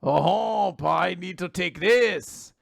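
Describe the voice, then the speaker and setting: A man's voice: high-pitched, very slow, creaky, no echo, studio quality, exaggerated voice. Man putting on a prissy mock-French mama's-boy villain. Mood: haughty.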